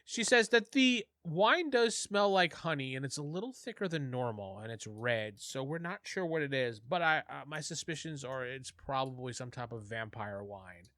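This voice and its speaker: A man's voice: medium pitch, expressive, moderate pace, few pauses, bright, forceful tone, no echo, studio quality. A man narrating as game master of a tabletop game, chatty with laughing asides.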